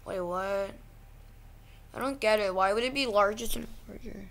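Slow, ranting young woman vlogger. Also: medium pitch, bright, forceful tone. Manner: ranting, easily exasperated, slow-talking. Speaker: channel host. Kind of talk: casual vlog commentary.

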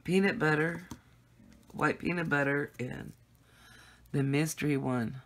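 A woman's voice: low-pitched, unhurried, faint music behind. A woman chatting casually and giggling as she unboxes gifts for her viewers at home. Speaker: craft vlogger.

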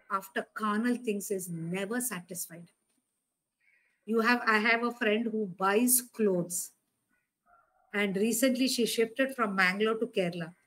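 A woman delivers a sermon in a loose, conversational way. Her voice sits a little high, and she leans on rhetorical questions and repeated words to drive her points home. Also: poor audio. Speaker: preacher.

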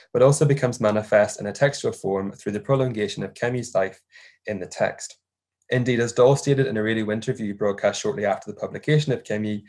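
Low-voiced young man reading a paper. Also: darkish tone. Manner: measured and formal, marking quotations aloud. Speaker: doctoral researcher presenting a paper. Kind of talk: reading an academic paper aloud.

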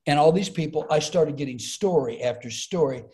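A man's voice: a little high, a little fast. A middle-aged man, a comedian, telling stories in conversation and acting out the voices he quotes. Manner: animated, acts out quoted voices. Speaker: comedian and speaker, podcast guest. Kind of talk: storytelling in conversation.

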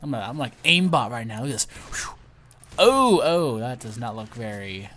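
Young guy doing a lets play, jumpy and excitable, voice bouncing up and down a lot. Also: mid-range voice, normal speed. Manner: excitable, lots of startled exclamations. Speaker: let's play host. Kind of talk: casual gameplay commentary.

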